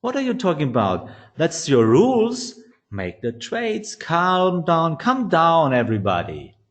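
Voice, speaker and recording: A man doing a reasonable, calming mediator. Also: on the high side, a little slow, voice pushed up. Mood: reassuring. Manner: soothing, reasoning. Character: calm reasonable mediator voice, male.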